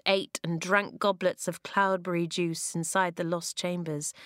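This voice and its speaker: A woman reads a children's fantasy novel aloud in a middle-pitched voice, close to the microphone in a dry, dead room. Her storytelling is expressive, and she throws her voice up high and loud when the characters call out. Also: no echo. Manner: expressive, acts out dialogue with sharp jumps in pitch and volume. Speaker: narrator.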